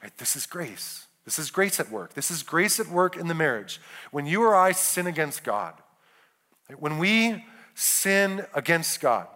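A man's voice: a little high, very animated, sharp tone. A man preaching a sermon to married couples, earnest, often checking in with "right?" and restarting his phrases. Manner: earnest, keeps asking "right?" with quick restarts. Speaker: pastor.

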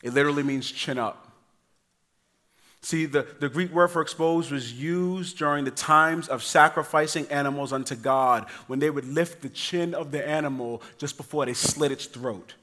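Male pastor, fairly high voice, lively sermon delivery that swings from loud to near-quiet. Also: normal speed. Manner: animated storytelling, acting out voices of his kids; casual, addresses the congregation as y'all.

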